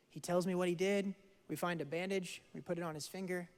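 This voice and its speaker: A young man preaching a sermon, telling a story in an animated way that swings from hushed to loud. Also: high-pitched, measured pace. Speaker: pastor. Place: church hall. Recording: church hall with long reverb.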